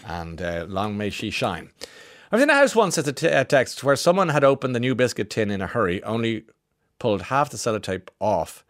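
A man's voice: lowish voice, expressive, brisk, no room sound, studio quality. A man hosting a radio show, chatting through the day's stories in a rambling, jokey way. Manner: rambling, jokey, restarts often. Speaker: radio host. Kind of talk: chatty radio news commentary.

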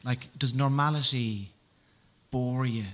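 A male chat show host with a bright, clear tone and a mid-range voice. He questions his guest with curiosity and teasing humour. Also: medium pitch, steady tone, slow pace. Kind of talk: interviewing.

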